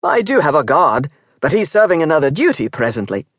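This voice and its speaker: A narrator voicing a lean, limping Englishman, a weary innkeeper speaking warmly to a friend. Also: fairly high pitch, big pitch swings, a little fast, dry recording, studio quality.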